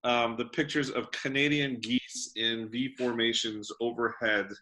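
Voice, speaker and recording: A man co-hosting a podcast in a playful, joking way, often pausing with "um". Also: mid-range voice, fairly even intonation, sharp tone. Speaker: podcast co-host. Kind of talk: casual podcast chat.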